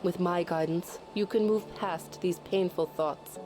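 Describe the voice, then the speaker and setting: A woman voicing a composed spiritual healer in a video game, speaking in a flat, formal way. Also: lowish voice, a little slow, over music, natural voice, poor audio. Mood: calm, formal. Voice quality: flat, stiff and formal delivery. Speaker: game character. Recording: game audio with clear background noise.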